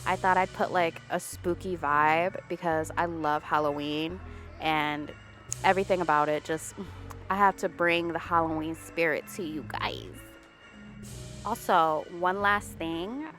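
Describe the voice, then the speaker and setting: A woman's voice: low-pitched, steady tone, unhurried, fairly bright tone, soft background music. A young woman with a congested, stuffy voice, chatting candidly as she narrates her nail art video. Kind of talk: voice-over narration. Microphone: borrowed studio microphone.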